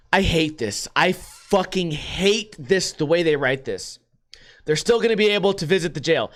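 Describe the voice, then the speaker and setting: A man's voice: on the high side, fairly bright tone, clear, resonant tone. A young man hosting a podcast, reading news articles aloud and ranting about them in a profane, sarcastic, exasperated way. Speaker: podcast host. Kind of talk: casual reading of the news with rants.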